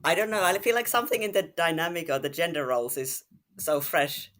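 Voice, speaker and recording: A woman's voice: lowish voice, expressive, brisk, fairly bright tone. A woman guest on a casual book discussion podcast, hesitant and searching for words.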